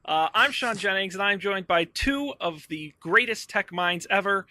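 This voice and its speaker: A man's voice: high voice, animated, normal speed, sharp tone, dry recording. A man hosting a casual tech podcast, talking in an upbeat, chatty way with fillers into a close mic. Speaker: podcast host.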